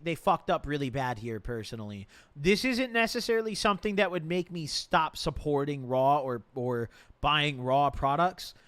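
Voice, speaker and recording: Guy streaming and ranting casual, slangy, repeats himself a lot, bouncy pitch, dry close sound. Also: fairly bright tone, no room sound. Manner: reads a legal document aloud and reacts. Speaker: live streamer.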